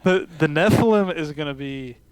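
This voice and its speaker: Male podcast co-host, laid-back banter, smooth voice, dry close sound. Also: on the high side, normal speed, dry recording. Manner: relaxed, joking, trails off quietly. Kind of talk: casual podcast chat.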